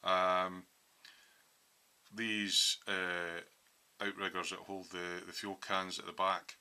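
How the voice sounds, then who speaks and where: A man's voice: deep voice, little pitch movement, slow, bright, forceful tone, smooth. A man in a home hobby workshop, casually walking through his model build with lots of ums as he explains his thinking.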